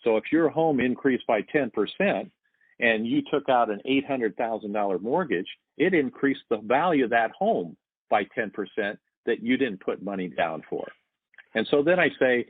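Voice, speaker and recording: A man's voice: medium pitch, animated, moderate pace, husky, no room sound. Man in his sixties, sales veteran, anecdotal storyteller; dry, phone-quality line. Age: 60s. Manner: storytelling, acts out quoted dialogue. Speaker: sales guest. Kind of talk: casual podcast chat.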